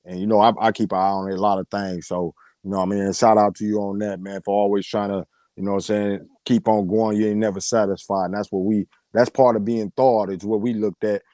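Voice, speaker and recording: A man's voice: lowish voice, level tone, a little fast, warm tone, dry recording. A man, co-hosting a sports talk show in casual chat, slangy and laughing often.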